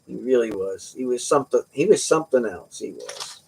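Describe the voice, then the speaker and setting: A man's voice: mid-range voice, animated, a little fast, creaky, noisy background. A middle-aged man hosting a livestream, chatting casually with viewers and telling rambling, joking stories. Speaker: livestream host.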